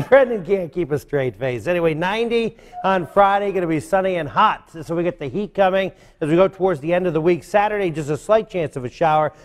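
A TV weatherman delivering a live hour-by-hour forecast. His voice sits a little high for a man, and he keeps breaking into chuckles between the lines. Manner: laughing, trying to keep composure. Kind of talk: live broadcast weather report.

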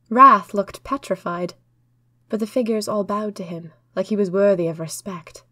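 A woman's voice: medium pitch, moderate pace, pushed and bright, no echo, studio quality. Woman narrating an earnest diary tale. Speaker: storyteller. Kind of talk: first-person diary narration.

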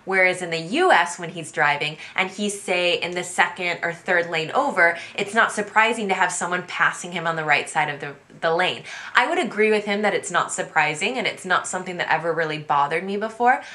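A woman in her thirties from the USA, talking to camera in an energetic, chatty way about culture shocks. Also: fairly low pitch, brisk, hardly any pauses. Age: 30s. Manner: energetic, chatty, quotes people in animated voices. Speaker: vlogger. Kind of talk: casual talk to camera.

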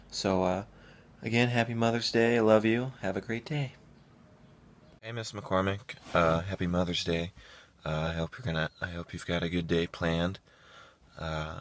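Deep-voiced young man, hesitant. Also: a bit bright. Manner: hesitant, lots of "uh". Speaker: son recording a message. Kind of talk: casual video message.

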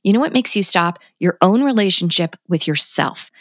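A woman's voice: lowish voice, lively intonation, normal speed, fairly bright tone, dry recording. A middle-aged woman guest on a podcast, talking candidly and passionately about parenting, blunt and swearing freely. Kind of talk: candid conversational interview.

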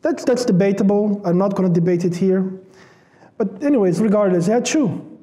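A man with a very high, mellow voice preaches a sermon in an easy, conversational manner. He repeats words for emphasis and asks the congregation rhetorical questions. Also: a little fast. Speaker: pastor.

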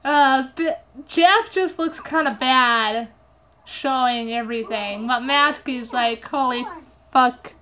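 A high-voiced woman with a bright, sharp tone chats through her game in a loose, excitable way, swearing freely and slipping into giggly outbursts. She talks at an unhurried pace into a phone recording app. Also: slight background noise. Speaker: gameplay commentator. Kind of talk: casual game commentary.

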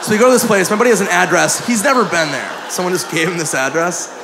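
A man telling a story in a stand-up comedy set, excitable and laughing at his own tale. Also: sits high, quick pace. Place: comedy club stage with live audience. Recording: noisy live club recording with crowd laughter.

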